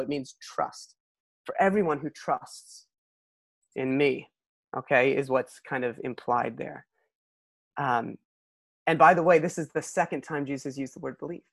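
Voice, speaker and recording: A man's voice: a little high, no room sound. A middle-aged man preaching a sermon in a conversational, storytelling way with self-deprecating humor. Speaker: pastor.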